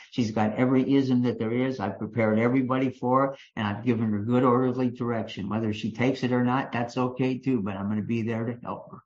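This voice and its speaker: An older man with a Kentucky accent, speaking to a recovery meeting in a folksy storytelling way, full of restarts and fillers. His voice sits in a middle pitch. The recording is dull and lo-fi, taken in a meeting room. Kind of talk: personal recovery talk to a meeting.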